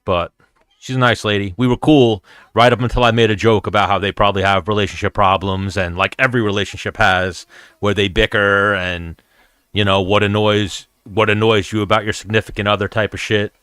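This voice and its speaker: A man's voice: on the low side, little pitch movement, brisk, a bit bright, smooth, no room sound, studio quality. A man hosting his show, chatting casually and profanely as he reacts and tells stories. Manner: profane, storytelling. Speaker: show host.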